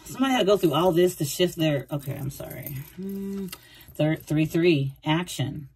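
A woman's voice: on the low side, expressive, normal speed, darkish tone, breathy edge. A woman doing a casual tarot reading, rambling and repeating herself as she talks through the cards. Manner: chatty, rambling, repeats phrases, acts out quoted thoughts. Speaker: tarot reader.

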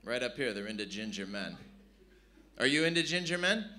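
A man's voice: mid-range voice, expressive, fairly quick, pushed and bright. A man from San Diego, performing brash, profane stand-up with crowd work at a live comedy venue. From San Diego, California.

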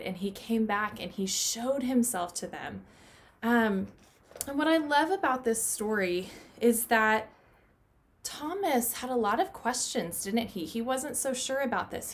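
A woman teaching a children's Bible lesson from her home playroom, talking gently to the kids and asking them questions. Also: fairly high pitch.

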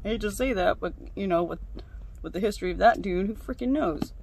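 Young woman ranting and cussing while she crafts, gravelly voice, bit of background hiss. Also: mid-range voice, brisk, darkish tone. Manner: ranting, swears freely. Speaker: craft vlogger. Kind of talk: casual chat while crafting.

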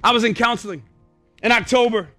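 A young adult male pastor preaching a sermon, swinging between hushed words and shouted peaks. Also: very high voice, fairly quick, soft background music.

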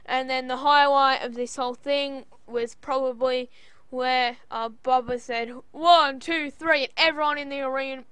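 A woman with an Australian accent giving a casual, rambling recap of a wrestling show, given to cursing and sudden loud outbursts. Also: sits high, steady tone, normal speed, smooth, no room sound.

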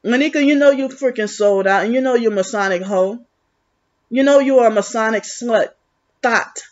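A woman's voice: a little high, moderate pace. A woman vlogging in a rambling, agitated, accusatory monologue, full of restarts. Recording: muffled lo-fi recording.

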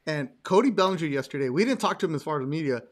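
A man with a fairly high voice talks baseball on a casual podcast. He is animated and jumps in quickly with his own takes. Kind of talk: casual sports chat.

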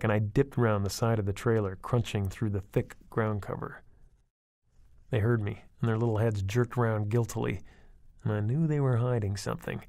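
Brief: gravelly male narrator, dry close mic, wry storybook delivery. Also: fairly low pitch, a little mellow, dry recording. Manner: wry, conversational first-person storytelling. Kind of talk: audiobook reading of a horror story.

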